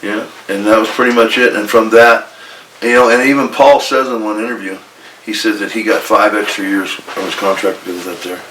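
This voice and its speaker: A man's voice: lowish voice, fairly even intonation, a little fast, a bit bright. A man, a former wrestler, bluntly telling an old backstage story in an interview and acting out each argument with plenty of swearing. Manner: blunt, profane, retells arguments in quoted dialogue. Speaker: retired pro wrestler guest. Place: indoor room with a coffee maker. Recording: echoey room, distant mic.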